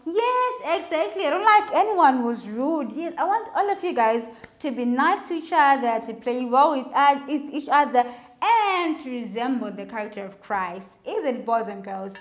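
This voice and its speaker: A woman leads a children's sermon. Her somewhat high voice swings up and down in an animated, sing-song way as she talks directly to the boys and girls. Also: moderate pace. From Zimbabwe. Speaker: children's Sabbath speaker.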